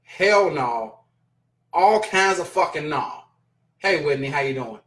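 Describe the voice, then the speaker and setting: A man with a high-pitched voice hosts his own casual stream and chats straight to his viewers. He rants bluntly and profanely, sounding thoroughly exasperated. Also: lively intonation, slow pace, a bit bright. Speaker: show host reading chat. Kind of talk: casual live-stream commentary.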